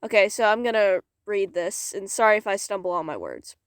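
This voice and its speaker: A woman's voice: medium pitch, sing-song, brisk, clear, resonant tone, dry recording, clean studio sound. A young woman reading fan fiction aloud and joking about it, sarcastic and swearing, from inside a small closet. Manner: sarcastic, swears, laughs at herself. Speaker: fanfic reader vlogger. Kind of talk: casual reading aloud with commentary.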